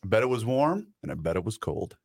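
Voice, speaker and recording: A man's voice: on the low side, very animated, quick pace. A man co-hosting a casual radio talk show, laughing often and telling anecdotes. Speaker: co-host.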